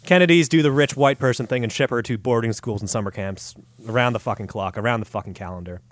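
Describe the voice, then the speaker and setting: A man's voice: mid-range voice, quick pace, dry recording. A man hosting a podcast, telling a story in a crude, sarcastic, profane way. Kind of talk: casual comedic storytelling.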